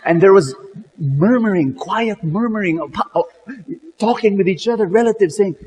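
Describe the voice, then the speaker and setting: A man's voice: high-pitched, animated, normal speed, darkish tone, big-room sound, slight background noise, poor audio. A man telling a story in a sermon, dramatic, with many repeated words and "you know"s.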